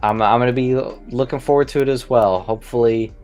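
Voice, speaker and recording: A tired man late at night in a casual chat, speaking in a reflective, measured way. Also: medium pitch, fairly even intonation, darkish tone, soft background music. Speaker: podcast guest.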